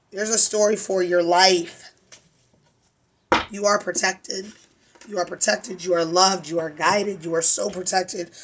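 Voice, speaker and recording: A woman's voice: medium pitch, a bit bright. A woman with a weary voice giving an emphatic, preachy spiritual tarot reading, swearing casually. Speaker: tarot reader.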